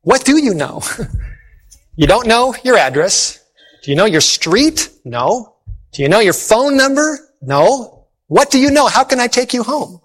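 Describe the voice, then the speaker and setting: A man's voice: high-pitched, quick pace, long reverb tail. A man preacher voicing a policeman who questions a lost child, in a coaxing, questioning way. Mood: exasperated. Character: patient then frustrated male policeman.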